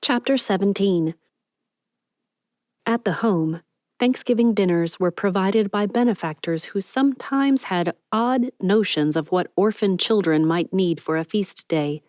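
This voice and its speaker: A woman narrating an audiobook in a steady, even storytelling manner. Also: medium pitch, measured pace, no echo, clean studio sound. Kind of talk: scripted narration.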